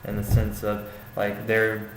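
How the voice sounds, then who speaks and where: A man's voice: fairly low pitch, monotone, unhurried, creaky, soft background music. Hesitant young man in an echoey room. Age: young adult. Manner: hesitant, many fillers and restarts. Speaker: student giving peer feedback. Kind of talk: casual spoken critique of a paper. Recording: echoey room with faint ambient noise.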